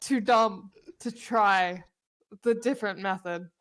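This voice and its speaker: A woman playing a tabletop role-playing game, talking quickly and joking. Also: mid-range voice, fairly bright tone. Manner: quick, joking, laughs often. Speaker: player. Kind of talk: tabletop role-play, in character and out.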